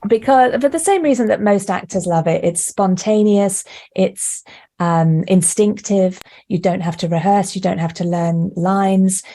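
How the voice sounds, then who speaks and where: A woman who is an actor and director, chatting as a podcast guest over a remote call, lively and quick to laugh. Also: medium pitch. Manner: lively, laughs often, animated storytelling. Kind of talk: podcast interview chat. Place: remote call, not with the hosts.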